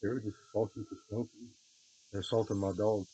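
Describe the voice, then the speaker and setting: In unscripted, rambling talk, a low-voiced man moves between quiet mumbling and loud, repeated shouting. His intonation stays fairly even and his pace is brisk. The voice is slightly rough, and the recording's high frequencies are cut off.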